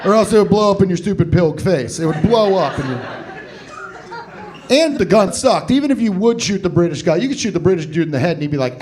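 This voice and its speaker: A man's voice: high voice, lively intonation, quick pace, a crowd in the background. A young man in his twenties doing rambling, absurd, self-deprecating stand-up on a comedy club stage. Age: 20s. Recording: live club with audience laughter. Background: audience laughter.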